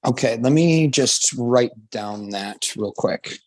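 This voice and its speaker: A man's voice: medium pitch, slow pace. Polite man answering a judge. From Wisconsin. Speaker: defendant.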